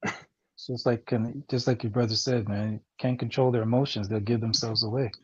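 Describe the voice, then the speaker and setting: A man in casual sports talk, animated and agreeable, often backing up the other speaker. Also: medium pitch, normal speed, dull audio, a little hiss or hum.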